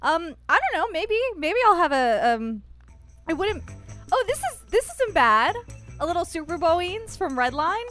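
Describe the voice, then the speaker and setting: A woman's voice: very high-pitched, big pitch swings, normal speed, a bit bright, faint music behind. A woman co-hosting a casual anime podcast, playful and giggly. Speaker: podcast co-host.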